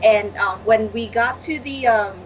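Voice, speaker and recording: A young woman chats casually on a panel in a slightly high voice, stumbling over restarts and swearing as she gets worked up. A faint ambient hum runs behind her. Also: low-quality recording. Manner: halting, excitable, swears often. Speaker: panel guest. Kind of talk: casual chat.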